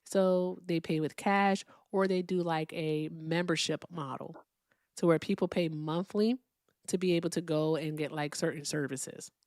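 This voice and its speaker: Woman host, low voice, smooth and clear, dry close sound, casual live-stream chat, thanks viewers by name. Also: fairly even intonation, measured pace, a little mellow, no room sound. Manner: chatty, thanks viewers by name, explains patiently.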